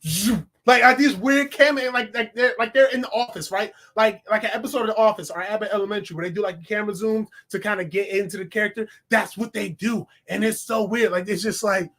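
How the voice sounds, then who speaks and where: A man giving a casual, animated movie review, laughing often and talking in loose slang. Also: high voice, fast talker, few pauses. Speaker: film reviewer.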